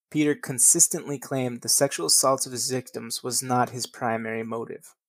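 A man's voice: medium pitch, dry recording. A man reading a true crime account aloud, stumbling over words and breaking into crude, profane casual asides. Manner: reads from notes with slips, then drops into profane casual asides.

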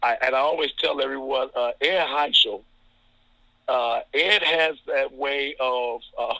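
Bright-voiced referee from Ohio. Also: male voice, on the high side, no room sound, low-quality recording. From Toledo, Ohio. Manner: chuckling, anecdotal, lots of fillers. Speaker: basketball referee, guest. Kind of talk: casual storytelling interview.

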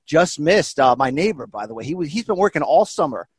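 A man hosting a podcast, talking in a hyped, jokey, animated way. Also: on the high side, a little fast, slightly rough, no echo. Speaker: podcast host. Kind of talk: energetic podcast chat.

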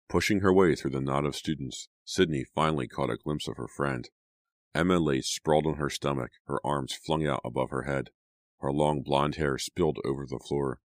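A man narrating a teen horror audiobook in a steady, dramatic storytelling manner. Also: rumbling low, normal speed, dry recording, clean studio sound.

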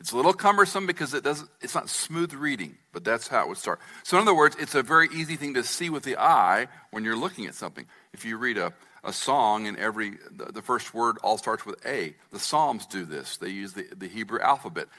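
A man's voice: mid-range voice, expressive, brisk, few pauses, pushed and bright. A man preaching an expository sermon as pastor, walking the congregation through a scripture passage and checking that they follow. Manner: teaching, asks the congregation to follow along.

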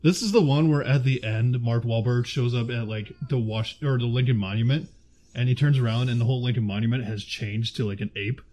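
A man's voice: mid-range voice, a little fast, warm tone. A man in casual chat, rating films with a friend, laughing often and searching aloud for names.

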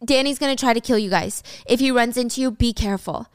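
A woman reading a calm, secretive teen girl. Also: on the high side, smooth, no room sound, clean studio sound, close to an everyday voice. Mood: urgent. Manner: calm, measured. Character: calm, secretive teenage girl who is mafia.

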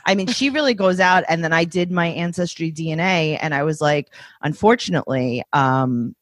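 A woman's voice: lowish voice, a little fast, dry recording. Teasing woman podcast host, dry sound. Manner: teasing, joking. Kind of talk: casual podcast chat.

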